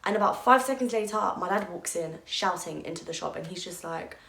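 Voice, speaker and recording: Young woman, vlogger, candid emotional storytelling, slightly low voice, roomy echo. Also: lively intonation, brisk, fairly bright tone. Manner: candid, emotional retelling with frequent "like" and swearing. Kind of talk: storytime vlog. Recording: echoey room.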